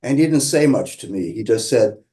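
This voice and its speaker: A man calmly telling a personal story, measured and reflective, with pauses and restarts. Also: mid-range voice. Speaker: qigong practitioner sharing his story.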